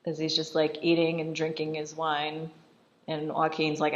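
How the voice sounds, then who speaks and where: A woman's voice: low voice, monotone, highs cut off. A woman giving casual, chatty film commentary, often laughing and briefly acting out the characters' lines. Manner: chatty, giggly, acts out quotes in quick voices.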